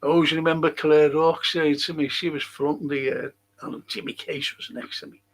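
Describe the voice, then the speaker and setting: A man's voice: on the high side, steady tone, normal speed, rough recording. A man hosting a casual livestream chat, reading out viewer comments and ranting bluntly with plenty of swearing. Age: older.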